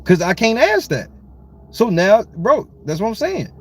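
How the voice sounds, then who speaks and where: A man hosting a podcast, talking bluntly and profanely in casual commentary and slowing down to stress his points. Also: sits high, big pitch swings, husky. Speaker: podcast host.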